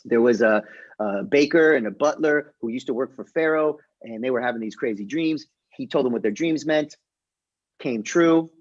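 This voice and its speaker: A young man, a rabbi, teaching a casual online class and retelling a story in a joking, lively way. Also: mid-range voice, normal speed, muffled recording. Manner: lively, jokey retelling with voiced characters. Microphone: video call.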